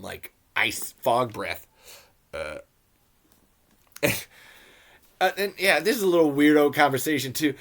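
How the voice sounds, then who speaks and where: Brief: a male podcaster, mid-pitched, casual and profane, riffing on a film. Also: a bit bright. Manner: rambling, profane, joking. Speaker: podcast host. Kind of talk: casual movie commentary.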